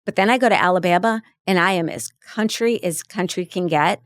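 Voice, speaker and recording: A woman's voice: fairly low pitch, fairly quick, dry recording, studio quality. A middle-aged woman from New Hampshire, a podcast guest, chatting enthusiastically in a casual interview. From southern New Hampshire, US. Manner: enthusiastic, talkative, restarts sentences. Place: podcast studio.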